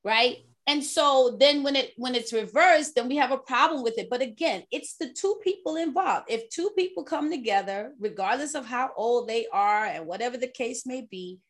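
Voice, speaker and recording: A woman in her fifties telling a story in a casual chat, animated and laughing as she talks. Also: on the high side, moderate pace, hardly any pauses. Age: 50s.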